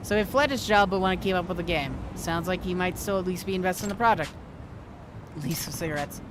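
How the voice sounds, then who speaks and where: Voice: mid-range voice, quick pace, background noise. A streamer casually reading video game dialogue aloud, with wry asides.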